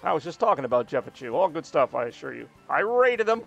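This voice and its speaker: A man's voice: fairly high pitch, sing-song, fast talker, vocal fry, a bit bright, muffled recording, faint music behind. Self-mocking male game streamer. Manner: self-deprecating, joking, rambling. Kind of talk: casual live-stream chat while playing.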